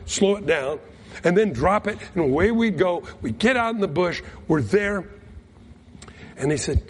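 A man preaching a sermon, telling a folksy mission story with lively acted-out quotes. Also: high voice, slight background noise. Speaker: pastor. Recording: long reverb of a large hall.

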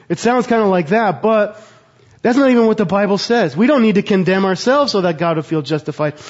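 Preaching a sermon in a notably high voice, a pastor in his thirties presses his listeners with earnest rhetorical questions. The recording is a bit dull and muffled.

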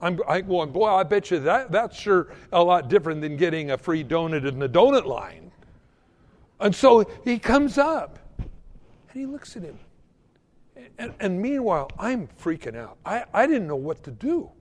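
A man's voice: high voice, sing-song, measured pace, long reverb tail. A man preaching a sermon as pastor, telling a story with frequent stammering restarts and rising emphasis.

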